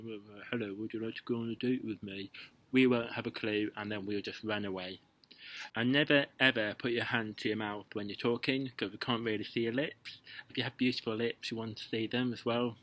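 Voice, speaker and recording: A young man vlogging dating tips in a slightly low voice, casual and chatty, often pausing with ums and restarting his sentences. he sounds playful and talks straight to camera. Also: a bit bright, low-quality recording. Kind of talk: casual direct-to-camera advice.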